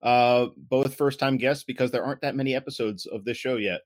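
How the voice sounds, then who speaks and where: A man's voice: mid-range voice, brisk, dry recording. A man hosting a casual podcast, talking in a rambling way with many fillers and restarts over a remote call. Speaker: podcast host.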